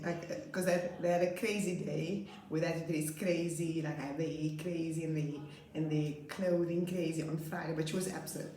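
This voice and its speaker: A young woman teacher casually telling funny stories about her class, laughing often and acting out her pupils. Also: normal speed. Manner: animated, laughs often, acts out her pupils in high voices. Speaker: grade 2 teacher. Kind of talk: casual storytelling vlog. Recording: roomy echo, slightly far from mic.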